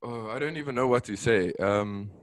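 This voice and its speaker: A man from South Africa with a South African accent, whose first language is Afrikaans, speaking as a podcast guest in a relaxed, halting way. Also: mid-range voice, dry recording. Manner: relaxed, hesitant, many fillers. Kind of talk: casual conversation.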